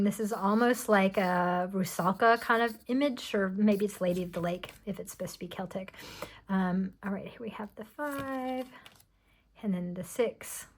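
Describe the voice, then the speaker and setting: A woman casually showing tarot decks, chatty and rambling with many ums and restarts, often dropping to a soft murmur. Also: mid-range voice. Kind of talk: casual show-and-tell.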